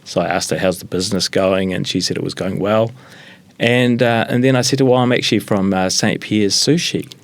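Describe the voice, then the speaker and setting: A man's voice: fairly low pitch, normal speed, no echo. A middle-aged man from New Zealand, a business founder talking casually in an interview, telling stories with many fillers and restarts. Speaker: guest, sushi business founder.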